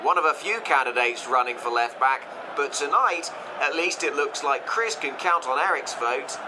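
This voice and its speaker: A pompous, rambling football reporter, as an actor voices him in a high, reedy voice, delivering a report full of puns. Clear crowd and stadium noise sit behind him on the line. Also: male voice, animated, moderate pace, close to an everyday voice. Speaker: pitch-side reporter.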